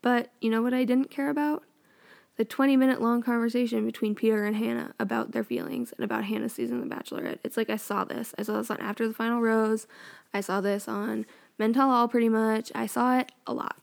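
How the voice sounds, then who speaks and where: A woman's voice: fairly high pitch, fairly even intonation, brisk, gravelly. A young woman chatting casually and sarcastically as a vlogger recapping a TV show, full of opinions. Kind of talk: casual chat.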